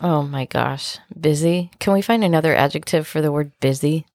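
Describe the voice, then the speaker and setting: A woman's voice: low-pitched, moderate pace, darkish tone, dry recording. Playful woman co-hosting a podcast. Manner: playful, teasing. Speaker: podcast co-host. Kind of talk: casual chat.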